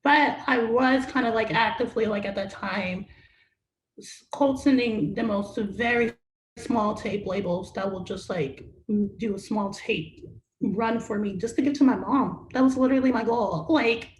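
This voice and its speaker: A woman's voice: a little high, normal speed. A young adult woman, a musician guest in a casual interview, rambling with constant "like" fillers. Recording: roomy echo with faint noise.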